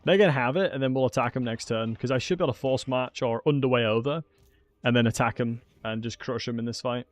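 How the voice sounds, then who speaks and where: A man giving casual, excitable commentary while streaming a strategy game and talking to his chat. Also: mid-range voice, fast, no room sound. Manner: chatty, excitable, talks to chat.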